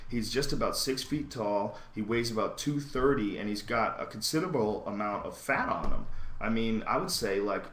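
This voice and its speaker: A man hosting a podcast, talking in an intense, profane, emphatic way that swings between loud outbursts and low asides. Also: reverberant. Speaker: podcast host. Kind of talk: profane animated podcast rant.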